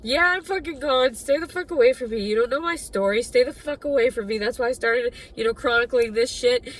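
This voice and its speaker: A woman's voice: fairly high pitch, a little fast, distant mic. A woman venting in an angry, profane, bitter personal rant for her video diary. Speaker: vlogger.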